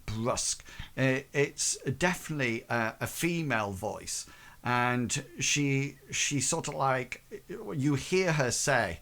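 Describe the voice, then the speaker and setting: A man running a tabletop game as its game master. He narrates slowly, in a mid-pitched voice. He often pauses and fills the gaps as he improvises. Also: a bit bright. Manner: halting, filler-heavy narration.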